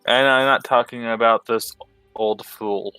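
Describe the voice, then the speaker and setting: A man narrating as game master, halting and thinking aloud as he explains a plan. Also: mid-range voice, steady tone, bright, forceful tone, clean tone, dry recording, soft background music.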